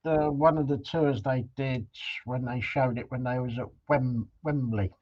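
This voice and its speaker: Husky co-host on a dull line. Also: male voice, medium pitch, steady tone, a little slow, a little mellow. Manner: hesitant, trailing off with ums. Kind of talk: casual chat.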